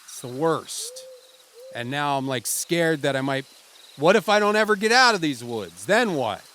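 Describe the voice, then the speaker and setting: A man's voice: medium pitch, slow pace, slight background noise. A man acting out a grown man lost in the woods at night, overwrought and swearing in a clumsy mock audition scene. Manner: clumsy, swearing, loudly overemotional.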